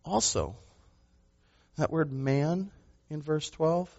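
A pastor preaching a sermon, a man who speaks with emphasis, asks rhetorical questions and moves between loud and soft passages. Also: fairly high pitch, animated, takes it slowly, vocal fry, highs cut off.

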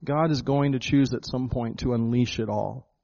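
A man's voice: medium pitch, steady tone, normal speed, creaky, warm tone, dull audio. A pastor preaching a sermon to his congregation, emphatic, often repeating words and calling them folks. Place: church hall with a congregation.

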